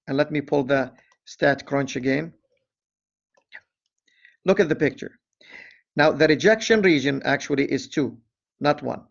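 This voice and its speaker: Gravelly-voiced man teaching statistics. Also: mid-range voice, highs cut off. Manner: deliberate, reads problem aloud, self-correcting asides. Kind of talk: screen-recorded lecture walkthrough.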